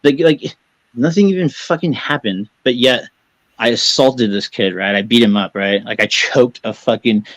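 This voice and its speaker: A man's voice: mid-range voice, normal speed, dry recording, rough recording. A man talking as a caller on a live stream, agitated and defensive, swearing a lot and rambling as he justifies himself. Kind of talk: heated live-stream talk.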